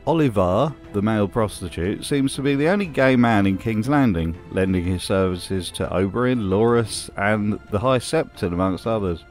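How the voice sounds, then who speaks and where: Wry British man narrating, low voice. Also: lively intonation, moderate pace, hardly any pauses, faint music behind. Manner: wry, mocking asides. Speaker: video essay host. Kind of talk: scripted commentary.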